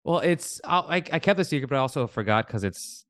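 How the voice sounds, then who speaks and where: A male comedian chatting as a podcast guest, quick and self-amused, with chuckling asides. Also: medium pitch, expressive, fairly bright tone, dry recording, studio quality. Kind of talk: casual chat.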